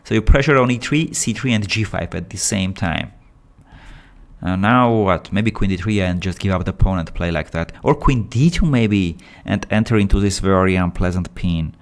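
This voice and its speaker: A man with a fairly low voice commentates chess with animated excitement. His has phrasing. He breaks into laughter as positions collapse. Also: normal speed. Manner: animated, excitable, with non-native English phrasing. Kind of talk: live game commentary.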